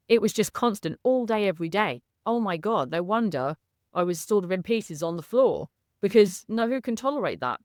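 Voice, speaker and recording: A woman's voice: medium pitch, big pitch swings, moderate pace, a little mellow, no echo, studio quality. A woman speaking as a guest in a candid interview, effusive and emotional, laughing often. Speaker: coaching client, guest.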